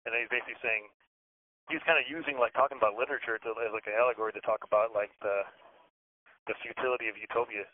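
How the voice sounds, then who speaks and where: A man's voice: mid-range voice, fairly even intonation, very fast. A man telling a long story in casual, rambling talk, swearing often and acting out what others said. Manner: rambling, swears a lot, acts out quotes. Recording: tinny phone-like audio.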